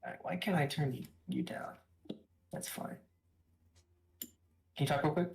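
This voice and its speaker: A man co-streaming a watch party, chatting casually and asking quick questions. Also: a little high, steady tone. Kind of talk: casual chat.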